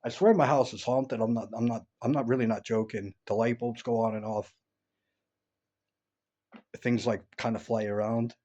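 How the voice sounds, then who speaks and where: A man from upstate New York rambles through a casual personal monologue recorded at home. He stops and restarts his sentences often, stammering over words. His voice sits at an ordinary middle pitch. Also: fairly even intonation, normal speed, long pauses, dark tone, highs cut off. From upstate New York, USA. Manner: rambling, many restarts and fillers. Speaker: vlogger. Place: at home, indoors.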